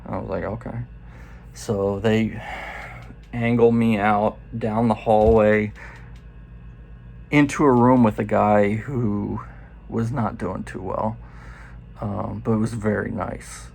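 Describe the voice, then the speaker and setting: Gravelly man telling a casual story. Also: on the low side, fairly even intonation, darkish tone, a little hiss or hum. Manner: loose and profane, quoting others in quick asides. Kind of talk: casual first-person storytelling.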